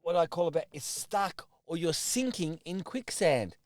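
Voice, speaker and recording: A man's voice: fairly high pitch, expressive, moderate pace, no room sound. A middle-aged Australian man, a personal trainer, giving an earnest motivational talk to camera, repeating himself and restarting his sentences. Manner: earnest, repetitive, with restarts and acted asides.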